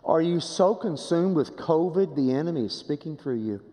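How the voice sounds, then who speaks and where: Preacher guy, high voice, swings from soft to loud a lot, long hall echo. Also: lively intonation, normal speed. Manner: dramatic, swinging from hushed low phrases to raised emphatic ones; repeats rhetorical questions. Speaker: pastor. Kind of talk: sermon.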